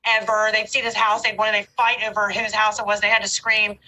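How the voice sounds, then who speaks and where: A woman in her forties, a podcast guest, talking casually and telling animated stories about motherhood. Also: medium pitch, brisk, poor audio. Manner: animated storyteller, breaks into laughter. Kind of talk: casual conversation.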